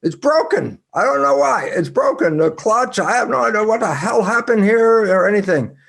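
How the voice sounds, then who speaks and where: A flustered driver blurts out in a sudden, high, alarmed voice that his car has broken down, as an older man puts it on mid-story. The voice sounds strained and edgy. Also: lively intonation, normal speed, vocal fry, fairly bright tone, heavily acted. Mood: panicked.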